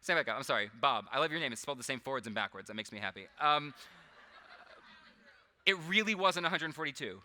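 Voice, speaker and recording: A man's voice: mid-range voice, animated, fast, pauses often, bright, forceful tone. A man performing a live comedic mind-reading act on a convention stage, chatty and self-deprecating, laughing often as he works with audience volunteers. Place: large convention hall stage.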